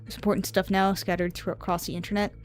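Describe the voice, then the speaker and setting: A woman's voice: mid-range voice, level tone, fast talker, faint music behind. A woman streamer chatting casually on a live stream, rambling and offhand with drifting asides.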